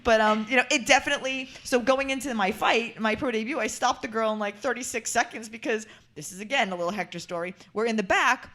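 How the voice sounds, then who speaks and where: A woman hosting a podcast tells stories about her boxing days at a quick clip. Her voice sits a little high, and she is animated and laughs through her anecdotes. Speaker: podcast host and former boxer. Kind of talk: casual storytelling chat.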